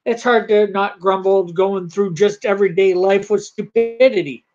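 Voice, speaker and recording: A comic artist chatting casually on a livestream from home, rambling and halting while reading the chat. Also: medium pitch, darkish tone, lo-fi sound.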